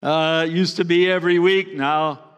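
A pastor giving a sermon in a church, talking in an earnest, conversational way that sometimes drops to a hush. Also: male voice, a little high, fairly even intonation, normal speed, clear, resonant tone, dull audio. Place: church sanctuary. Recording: long reverb of a church hall.

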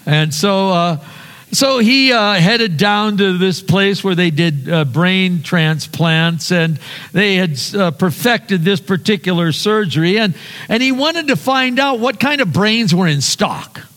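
A man's voice: high-pitched, animated, unhurried, fairly bright tone, long reverb tail. A male pastor preaching a conversational sermon, earnest, often repeating words and asking the congregation questions.

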